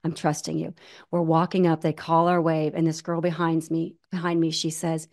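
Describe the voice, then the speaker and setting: A woman in her forties tells a personal story as an interview guest. Her voice sits slightly low, and she talks in an animated way with frequent restarts. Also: moderate pace. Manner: animated, many restarts, acts out quoted voices. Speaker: guest, ultramarathon runner.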